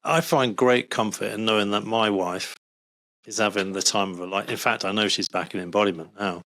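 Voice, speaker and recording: A man speaking as a podcast guest, talking earnestly in casual conversation and often trailing off softly. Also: on the low side, fairly even intonation, fairly quick, dry recording. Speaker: doctor.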